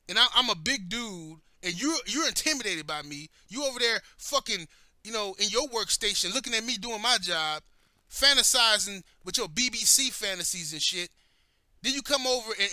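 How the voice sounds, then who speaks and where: A man's voice: sits high, pushed and bright, no echo. A man telling personal stories in a blunt, heated way, cursing heavily as he talks. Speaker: commentator. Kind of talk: profane personal storytelling.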